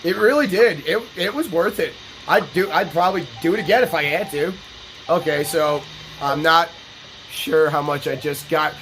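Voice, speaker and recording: Young guy rambling a story over soft game music, kinda high voice, cussing a lot. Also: normal speed, poor audio. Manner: animated, profane, jumps into high excited yelps. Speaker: gaming video host. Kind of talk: casual storytelling over gameplay. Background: background game music.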